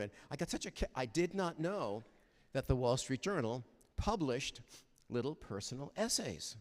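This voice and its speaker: Older man telling heartfelt stories, lively pitch. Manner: animated, heartfelt, halting restarts. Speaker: guest chapel speaker. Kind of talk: storytelling chapel talk. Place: university chapel. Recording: reverberant chapel hall.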